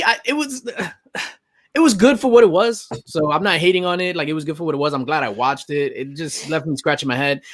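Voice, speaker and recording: A man's voice: on the high side, a bit bright, dry recording. A man hosting a casual live stream, chatting animatedly, laughing and reading out viewer comments. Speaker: host of a live stream show.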